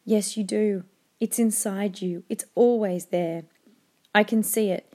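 A woman reading the lines of a dying father who gently urges his son on, while she reads a novel aloud to a class. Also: mid-range voice, steady tone, a little slow, close to an everyday voice. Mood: tender. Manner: quiet, gentle and insistent.

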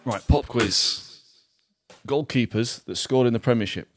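A man's voice: mid-range voice, a little slow, music in the background. A young man hosting a casual podcast, teasing his co-host with jokes, laughter and the odd swear word while running a quiz. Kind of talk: casual banter.

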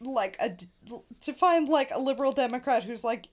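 A woman's voice: sits high, expressive, fairly quick. A woman co-hosting a casual podcast, chatting in a wry, loose way full of "like.". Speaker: podcast co-host. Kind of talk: casual chat.

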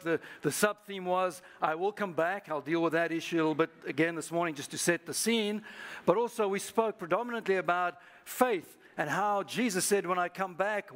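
A man with a high voice preaches to his congregation. He leads the room in call-and-response, asking listeners to repeat lines to their neighbours. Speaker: pastor. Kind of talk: sermon. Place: church service.

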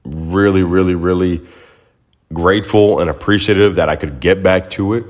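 A man's voice: low-pitched, moderate pace. A young man hosting a solo podcast, talking through his own story in a reflective, heartfelt way, often repeating himself as he gathers his thoughts. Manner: reflective, emotional, repeats words. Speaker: podcast host. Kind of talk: casual solo monologue.

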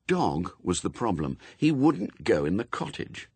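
Male audiobook narrator, wry, husky, close dry mic. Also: fairly low pitch, measured pace, dry recording. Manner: wry, expressive storytelling. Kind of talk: scripted narration.

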